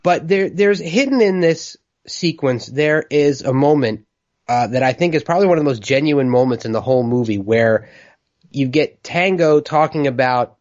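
A man's voice: fairly high pitch, expressive, normal speed, darkish tone, muffled recording. A man co-hosting a podcast, talking casually and enthusiastically about a movie. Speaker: podcast co-host. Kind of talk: casual film discussion.

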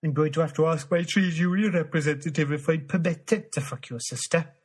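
A man's voice: a little high, brisk, husky. A man co-hosting a comedy podcast, rattling off crude one-line jokes while switching to a different regional accent on each line. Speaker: podcast co-host. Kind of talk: comedy sketch doing a quick run of regional accents.

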